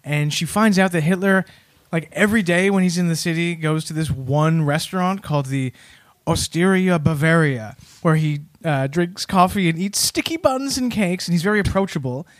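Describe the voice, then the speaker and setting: A man's voice: a little high, normal speed, no echo. A man hosting a comedy podcast, telling a history story with jokey asides. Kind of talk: casual comedic chat.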